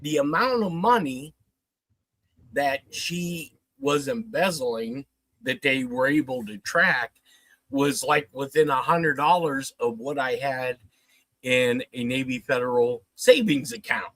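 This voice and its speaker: A man's voice: mid-range voice, slow pace, no room sound, low-quality recording. Profane man telling a story, dry sound. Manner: profane, animated retelling with quoted dialogue. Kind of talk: casual storytelling on a livestream.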